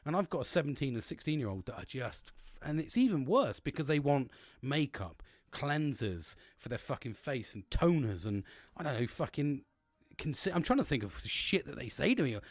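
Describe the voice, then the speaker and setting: A man's voice: mid-range voice, big pitch swings, moderate pace, dry recording, clean studio sound. A man in his forties, hosting a podcast in a casual solo monologue, rambling and swearing with many restarts. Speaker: podcast host.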